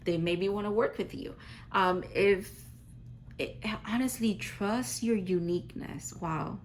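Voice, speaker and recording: A woman's voice: mid-range voice, unhurried, slight background noise, low-quality recording. A woman giving a casual, rambling tarot reading to her viewers, full of "like" fillers and effusive reassurance. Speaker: tarot reader.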